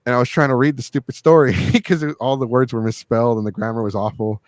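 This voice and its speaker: A man hosting a podcast, telling stories in a crude, joking, animated way and laughing often. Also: mid-range voice, fast, dry recording. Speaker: podcast host. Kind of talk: casual storytelling chat.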